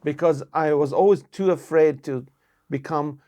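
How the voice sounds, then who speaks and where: Guy on a podcast, acts out stories, slightly high pitch. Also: moderate pace. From Lebanon. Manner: animated storyteller, acts out quotes. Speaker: comedian guest. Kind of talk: casual podcast storytelling.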